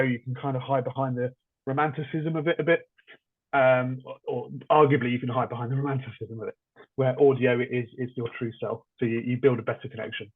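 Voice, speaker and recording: A man giving his expert view in a thoughtful, measured way in an online discussion. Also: medium pitch, narrow, tinny audio. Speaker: guest expert. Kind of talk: casual webinar discussion.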